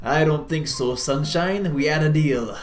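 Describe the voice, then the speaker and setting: A streamer voicing a hot-headed, rough female blacksmith adventurer in an attempted Scottish accent, gruff and dialect-heavy. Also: mid-range voice, a little slow, soft background music, lightly acted. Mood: blunt. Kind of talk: reading game dialogue aloud.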